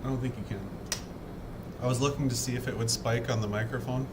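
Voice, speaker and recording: A man's voice: medium pitch, fairly even intonation, fast, very noisy. Chatty North Dakota man. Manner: rambling, chatty, self-deprecating. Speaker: livestream host building a model kit. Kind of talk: casual live-stream chat. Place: home, indoors.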